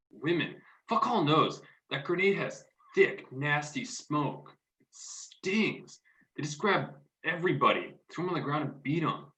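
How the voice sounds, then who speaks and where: A man playing a rough, swearing young football fan in a staged play reading, telling of street fights. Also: mid-range voice. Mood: shaken. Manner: rough, profane, excited storytelling. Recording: roomy echo.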